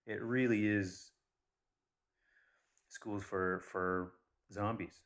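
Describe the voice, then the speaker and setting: Very low male voice, candid vlogger who tells stories with blunt asides. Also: drawn-out words. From Persian background. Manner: blunt, swears, animated retellings. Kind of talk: casual rambling monologue.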